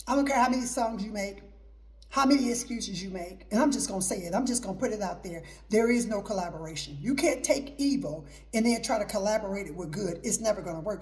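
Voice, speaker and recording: A woman's voice: mid-range voice, animated, brisk, a little mellow. A middle-aged woman hosting her own show, giving an emphatic, repetitive preaching talk mixed with personal testimony. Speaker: host.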